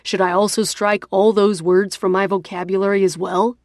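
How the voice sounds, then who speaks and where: A woman's voice: medium pitch, little pitch movement, normal speed, no echo, studio quality, lightly acted. A woman voicing a hurt, angry young man who speaks sharply and emphatically in an audiobook. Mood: cutting. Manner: sharp, emphatic, listing points.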